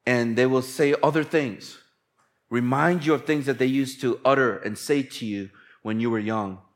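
A man's voice: mid-range voice, normal speed. A man preaching a sermon in a conversational, relatable way, often acting out quoted lines. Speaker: pastor.

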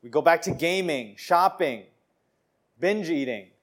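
A man delivering a sermon, his voice sitting a little higher than most men's. He talks earnestly and conversationally, often repeating phrases and stumbling over a word before going on. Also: animated, unhurried. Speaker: preacher.

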